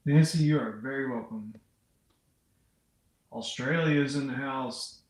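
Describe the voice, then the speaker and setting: A man's voice: medium pitch, a little slow, reverberant, poor audio. A man hosting an unscripted livestream, chatting casually and reading out viewers' comments as he rambles. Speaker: livestream host. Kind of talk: unscripted live chat with viewers.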